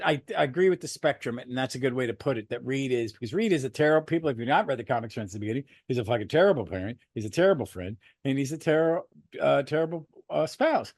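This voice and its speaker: A man co-hosting a podcast, chatting casually about a superhero movie, rambling and swearing freely with animated bursts. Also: medium pitch, no echo, studio quality. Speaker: podcast co-host. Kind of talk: casual movie review chat.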